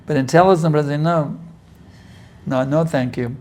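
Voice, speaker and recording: His voice is on the high side and a little mellow, with fairly even intonation and a normal speed. He's a spiritual teacher answering questions in an informal scripture class, speaking conversationally with many "you see" asides and restarts, and at times acting out prayers with intense pleading.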